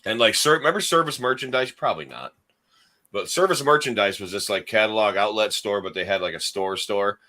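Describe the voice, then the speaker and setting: A man's voice: lowish voice, animated, brisk, sharp tone. A man from upstate New York co-hosting a podcast, telling a rambling childhood story in casual chat. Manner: rambling, storytelling, lots of fillers. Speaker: podcast co-host.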